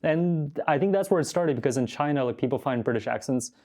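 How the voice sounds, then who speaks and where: A man from the United States hosts a casual interview, his voice in an ordinary middle pitch. He keeps things playful, teasing his guest and breaking into laughter often. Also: expressive, a little fast, a little mellow. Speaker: show host.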